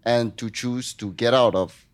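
A man taking part in a group workshop answers in short, calm phrases. His voice sits at an ordinary middle pitch, and he speaks evenly without pushing. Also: measured pace. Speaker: participant.

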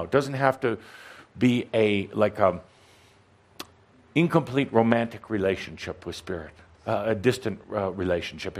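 Man coaching a live audience. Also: lowish voice. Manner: playful, provocative, stammering restarts. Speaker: spiritual teacher speaking as a channeled figure to a live audience. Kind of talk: interactive workshop coaching. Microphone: handheld microphone.

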